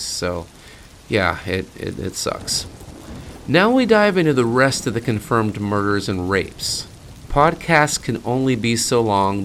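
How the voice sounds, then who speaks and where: A man's voice: lowish voice, fairly bright tone, a little hiss or hum. A man hosting a true-crime podcast in a casual, blunt and sarcastic way, swearing freely. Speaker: podcast host.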